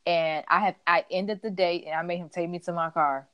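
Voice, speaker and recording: Woman podcast cohost gabbing and telling stories, lowish voice, acts out the quotes, dry close sound. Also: fairly quick, clean tone, dry recording, muffled recording. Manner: animated storytelling, acts out quotes. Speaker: podcast co-host. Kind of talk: casual chat.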